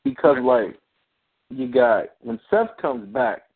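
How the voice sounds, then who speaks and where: A man's voice: medium pitch, slow pace, breathy edge. A man co-hosting a wrestling podcast, talking casually and ranting with some swearing. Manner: animated, ranting, profane. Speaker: podcast co-host. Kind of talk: casual chat. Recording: dry tinny phone-like sound.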